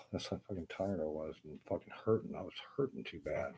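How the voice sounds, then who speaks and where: A man's voice: rumbling low, brisk, dark tone, husky. A man who works as a carpenter, ranting to camera in a profane, bitter and rambling way, full of restarts and asides. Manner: talks in loose restarts and asides. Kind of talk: casual rant to camera.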